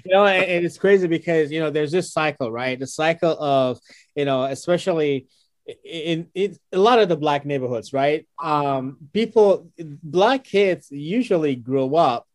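A man interviewing a guest in easygoing chat, his voice sitting a little high for a man. He leans on fillers and checks in with the listener often. The sound is close and dry, with no room around it. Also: a little slow, no echo. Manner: conversational, many "you know" and "right?" fillers. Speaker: podcast host.

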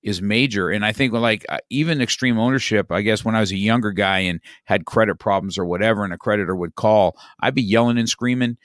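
Low-voiced man telling a rambling story. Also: fast, hardly any pauses, fairly bright tone, no room sound, clean studio sound. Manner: rambling, many restarts and "you know, man". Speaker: podcast guest. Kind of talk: casual conversational storytelling.

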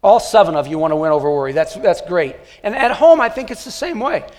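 A man's voice: high voice, animated, fast talker, darkish tone. A man preaching a sermon to a nearly empty church and an online audience, speaking in a conversational, joking way with many fillers. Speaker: pastor. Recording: long hall reverb.

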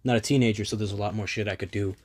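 A man's voice: lowish voice, fairly even intonation, rapid-fire, a little mellow, slight background noise. A young man rambling in a casual solo monologue, self-deprecating and swearing freely, his voice a little strained.

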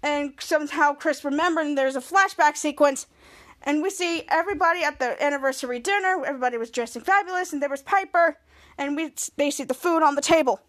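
A woman's voice: sits high, fast, fairly bright tone. A woman hosting a podcast, rambling through an episode recap with many fillers and restarts. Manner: rambling, filler-heavy retelling. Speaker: podcast host.

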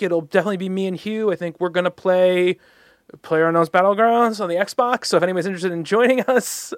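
A young man hosts a casual podcast, talking in a slightly high voice. He rambles, restarts and fills pauses with ums. The sound is dry and close, with no room echo. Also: smooth. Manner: rambling, many fillers and restarts. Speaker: podcast host. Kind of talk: casual chat.

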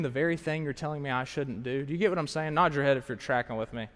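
A man preaching a sermon to a live audience, animated and engaging, swinging from hushed asides to raised, emphatic lines. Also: medium pitch, fast, few pauses. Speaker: pastor. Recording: long hall reverb.

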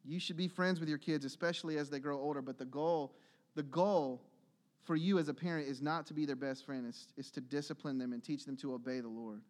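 A male pastor with a fairly high voice delivers a sermon in a church. He is earnest and builds to emphatic, urgent exhortation. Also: steady tone, quick pace, hardly any pauses.

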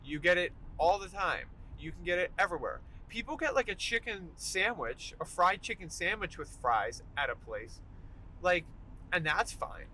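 A young man hosting a solo podcast from his car during a commute, ranting in an animated, emphatic way. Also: high-pitched, normal speed, rough recording. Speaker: podcast host. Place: in a car while driving. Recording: faint car noise behind. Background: car road noise.

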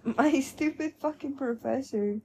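Young woman, podcast co-host, gravelly fry, slow drawl, blunt, casual swearing. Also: sits high, warm tone, slight background noise. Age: young adult. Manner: blunt, swears freely, laid-back. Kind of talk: casual chat.

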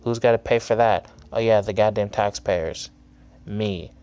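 Young male podcast host, low-pitched, angry profane solo rant with sarcastic jabs. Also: fairly even intonation, a little slow, darkish tone, clear, resonant tone.

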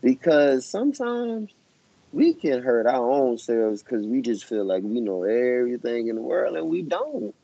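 A man's voice: mid-range voice, sing-song, measured pace, vocal fry, mellow, dry recording. A man in his thirties, a coach and teacher, giving emphatic, preachy advice on a podcast. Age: 30s. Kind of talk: casual podcast chat. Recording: dull, dry lo-fi recording.

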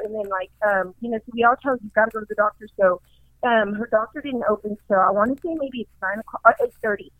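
A woman telling a story in casual chat, profane and excitable, acting out her own panicked lines. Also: on the high side, a little fast, no room sound. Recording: dull lo-fi dry recording.

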